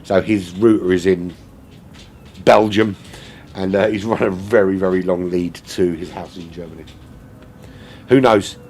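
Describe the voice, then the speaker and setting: A man's voice: low voice, steady tone, unhurried, long pauses, a little mellow. A man calls a sim race live, rambling and joking between updates on the running order. He swears casually, with a faint hum of noise behind his voice. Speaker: race commentator. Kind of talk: live sim racing commentary.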